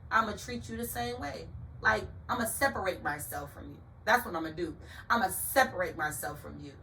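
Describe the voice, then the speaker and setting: Bright, emphatic woman telling a story. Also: mid-range voice, distant mic, slight background noise, low-quality recording. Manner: emphatic, animated, addresses listeners directly. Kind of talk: personal storytelling monologue.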